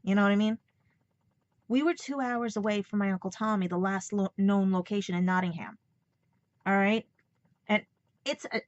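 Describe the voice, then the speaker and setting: A woman with a New York accent speaks in a rambling, emotional personal vlog, fighting back tears as she talks. Her voice sits at a middle pitch. The recording is dull and lo-fi. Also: no echo. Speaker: vlogger.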